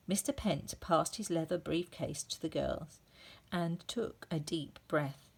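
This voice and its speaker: A woman teacher reads a children's story aloud at an unhurried, deliberate pace. Her voice sits low, and she plays up the sound effects with relish. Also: creaky, husky.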